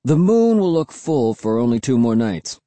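A man voicing a skeptical, joking scientist father who speaks in a low, dry, matter-of-fact way in an audiobook. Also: sing-song, normal speed, warm tone, no echo, lightly acted. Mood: explaining. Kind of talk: audiobook character voice.

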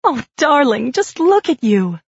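Woman playing a doting young wife, high breathless gush, dull dry read. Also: sing-song, measured pace, husky, no room sound, exaggerated voice. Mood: fussing. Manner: breathless, gushing, fussing.

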